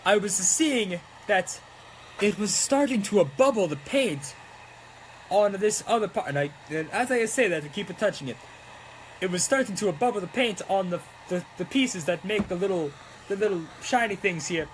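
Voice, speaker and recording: A man's voice: high voice, animated, moderate pace, a little hiss or hum. A young man chatting casually and playfully as he builds a prop, now and then breaking into mock-Italian exclamations. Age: young adult. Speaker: prop-making streamer. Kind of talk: casual chat while crafting.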